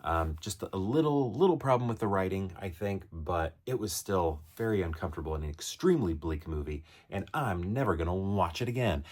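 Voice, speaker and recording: A man's voice: low-pitched, expressive, fairly quick, few pauses, darkish tone, breathy edge. A man reviewing a film in a casual, rambling monologue, with lots of fillers and restarts and acted-out quotes. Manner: rambling, many fillers and restarts, acts out characters' lines.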